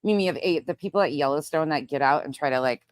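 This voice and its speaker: A young woman from Montana, a livestream host chatting casually with viewers and telling a story in a profane, animated way. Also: low voice, fast talker. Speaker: livestream host reading chat.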